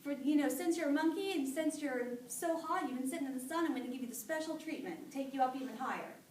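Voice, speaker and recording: A woman's voice: high voice, fast talker, darkish tone, roomy sound, recorded from a distance, a little hiss or hum, close to an everyday voice, poor audio. A woman voicing a sly male buzzard who talks sweetly to lure his prey. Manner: falsely friendly, wheedling.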